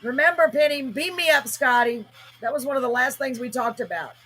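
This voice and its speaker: A woman's voice: high voice, a little fast, fairly bright tone, slightly rough, rough recording. A woman hosting a live paranormal spirit-box session, talking earnestly and emotionally as she calls out to spirits. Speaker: host.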